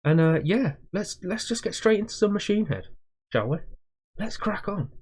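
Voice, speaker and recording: A man's voice: high-pitched, lively intonation, moderate pace, darkish tone, slightly rough. Chatty man with morning voice. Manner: rambling, chatty, self-aware waffling. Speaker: music reaction video host. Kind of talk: casual chat to viewers.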